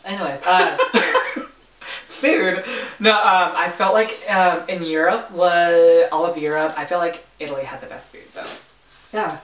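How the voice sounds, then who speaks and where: Low-voiced young woman chatting while eating. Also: a little slow, a bit bright. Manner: chatty, eating while talking, filler-heavy storytelling. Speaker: vlogger host. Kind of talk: casual mukbang chat. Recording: echoey room, mic at a distance.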